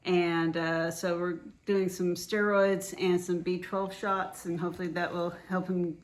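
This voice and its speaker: A woman's voice: on the low side, flat delivery, measured pace. Easygoing woman telling a story. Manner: chatty, easygoing, filler-heavy. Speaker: co-host, vlogger's partner. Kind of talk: casual conversational storytelling.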